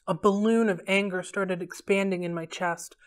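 Library read-along reader, woman, steady clear storytelling. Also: mid-range voice, normal speed. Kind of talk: reading a novel aloud.

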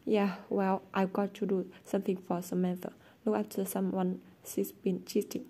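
A woman voicing a moody, secretive teenage boy who talks in a hushed, evasive way, in a storybook reading. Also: mid-range voice, level tone, moderate pace, lightly acted. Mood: apologetic.

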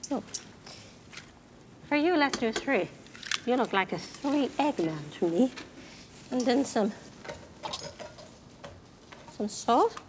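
A woman's voice: a little high, expressive, slow, long pauses, noisy background. An actress playing an exuberant 1960s television cook in her fifties, theatrical and warbling, sprinkling in French phrases. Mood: chipper. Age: 50s. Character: cheerful tall female TV cook, 50s, exuberant. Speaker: cooking show guest. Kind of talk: 1960s television drama acting.

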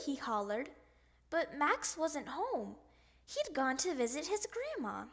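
A woman reads a picture book aloud in a high, lively voice that swoops up and down. She takes her time, savoring each sound effect and line. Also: slow. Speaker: storybook reader.

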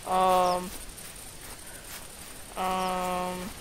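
A woman's voice: medium pitch, unhurried, long pauses, a bit bright, slight background noise, poor audio. A woman giving casual, sarcastic let's-play commentary, grumbling and talking to herself as she plays. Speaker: gaming YouTuber.

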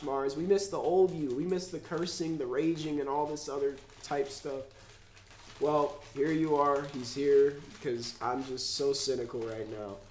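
A man vlogging in an emotional rant, congested and upset, swearing and swinging between loud outbursts and low mumbles. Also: echoey room, slight background noise. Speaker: YouTuber.

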